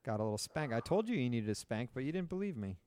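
A man's voice: medium pitch, big pitch swings, fast, a little mellow. A man hosting a podcast, teasing his guest with crude, playful banter. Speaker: podcast host.

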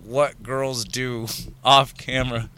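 Male podcast guest, lively anecdote teller, bright crisp voice. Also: medium pitch, takes it slowly. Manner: animated storyteller, acts out quotes. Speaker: podcast guest, adult film performer. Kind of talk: casual chat.

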